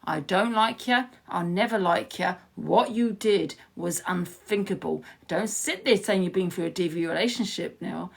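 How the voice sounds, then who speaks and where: A woman's voice: lowish voice, moderate pace, creaky, hardly any pauses. A woman livestreaming from her phone, heated and confrontational, swearing freely as she rants to her viewers. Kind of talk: ranting live stream to viewers.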